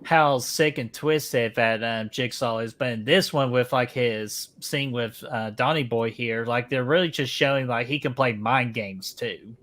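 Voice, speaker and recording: A man's voice: medium pitch, measured pace, few pauses, a bit bright. A man with a mid-range voice hosts a casual movie watch-party stream. He jokes with his co-hosts and greets viewers from the chat in a playful, easygoing way. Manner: playful, jokey, welcomes viewers by name.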